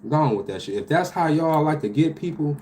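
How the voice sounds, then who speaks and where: A man, animated and profane, telling a story about his delivery job with loud outbursts. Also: a little high, a little fast, slight background noise. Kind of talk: casual storytelling vlog.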